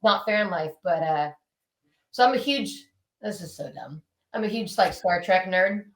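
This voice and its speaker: A woman's voice: fairly low pitch, normal speed, a bit bright. A woman in her thirties, a punk band musician, telling stories animatedly in a casual interview chat from her home, swearing freely. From Southern California. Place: home, indoors with dogs. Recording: echoey room.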